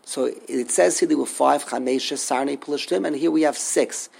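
A man's voice: medium pitch, normal speed, creaky, darkish tone. A man teaching a text study class, thinking aloud, repeating words and asking rhetorical questions.

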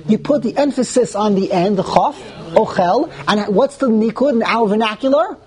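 A Torah teacher leads a Talmud class in a room full of students, speaking in a high, brisk voice. He is animated and repeats words while thinking aloud, and he often poses questions to the class only to answer them himself.

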